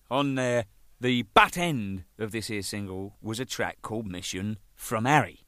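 An older man, a band's drummer, telling rambling, profane stories, laughing and acting out the shouting in them. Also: on the low side, moderate pace, no room sound. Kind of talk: casual anecdotal storytelling.

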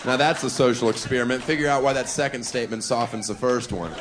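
A man's voice: mid-range voice, quick pace. A male stand-up comedian doing a brash, provocative routine with wry asides on a club stage, into a handheld mic. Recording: live club audience with noisy room.

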